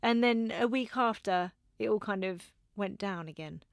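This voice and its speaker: A woman's voice: medium pitch, moderate pace, gravelly, dry recording, clean studio sound. A woman hosting a podcast interview, asking supportive follow-up questions. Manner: supportive, follows up on guest's story. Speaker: podcast host.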